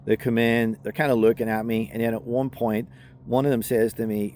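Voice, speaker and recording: A man's voice: mid-range voice, steady tone, a little fast, darkish tone, a little hiss or hum. A man with a Northern Irish accent, a self-defense instructor telling a personal story in a casual, conversational way with many fillers. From Northern Ireland.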